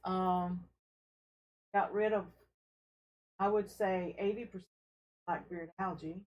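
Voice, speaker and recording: A woman hosting a casual fish-keeping live stream from her home fish room, talking in an unhurried, friendly way with fillers as she carries her camera from tank to tank. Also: lowish voice, fairly even intonation, lo-fi sound. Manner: unhurried, friendly, talks while showing tanks, with fillers. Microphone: handheld camera she carries around.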